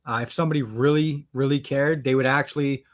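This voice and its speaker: Casting note: male guest, casual and loose, mid-pitched voice, stumbles over repeated words. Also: fairly quick. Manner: relaxed, rambling, repeats words. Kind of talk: casual chat.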